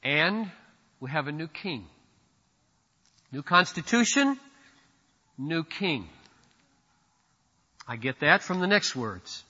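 A pastor preaching a sermon with emphatic declarations and sudden drops into low, quiet asides. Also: male voice, very animated, slow, pauses often, husky, big-room sound, lo-fi sound.

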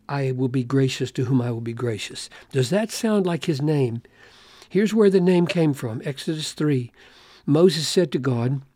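A man's voice: medium pitch, mellow, no room sound. A man giving an expository Bible lesson, reading scripture aloud and explaining it, stressing key phrases by repeating them. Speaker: Bible teacher.

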